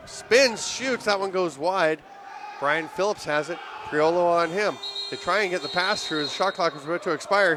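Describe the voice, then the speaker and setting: A man calling live lacrosse play-by-play in rapid, excitable bursts that rise on goals, his voice worn and giving out. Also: sits high, noisy background. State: voice giving out, throat clearing. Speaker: play-by-play commentator.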